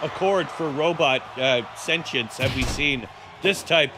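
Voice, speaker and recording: A man hosting a live stream and calling a wrestling match with bombastic, profane, jokey play-by-play and sudden shouted calls. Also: a little high, a little slow, background noise.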